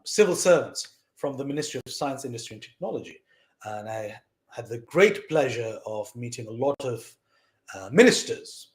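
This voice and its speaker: A young man from South Asia telling a personal story in an animated way, acting out quoted voices with frequent fillers. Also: mid-range voice, echoey room. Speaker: vlogger recounting lessons from his mother.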